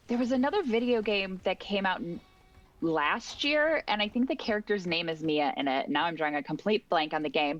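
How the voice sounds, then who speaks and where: A woman from the United States, a guest voice actor chatting casually on a game stream, bubbly and quick to laugh. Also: mid-range voice, fairly bright tone, muffled recording. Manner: bubbly, laughs often, acts out quotes.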